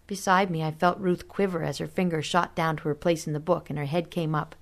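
A woman reading a story aloud as narrator in a steady, measured way. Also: low voice. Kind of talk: audiobook narration.

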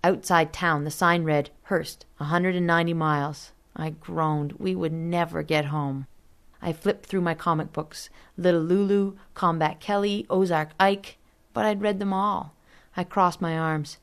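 A woman with a low-ish voice narrates a story aloud for an audiobook, reading in a steady, measured way.

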